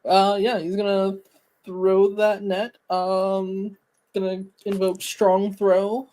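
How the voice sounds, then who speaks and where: A woman's voice: medium pitch, flat delivery, takes it slowly, warm tone, poor audio. Chatty woman playing a tabletop game. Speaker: player. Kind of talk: casual tabletop play.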